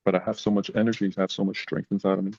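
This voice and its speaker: A man's voice: fairly low pitch, rapid-fire, creaky, breathy edge, dry recording, highs cut off. A man, a podcast guest, telling personal stories in a casual, emotional way. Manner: emotional, animated retelling. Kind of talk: casual storytelling.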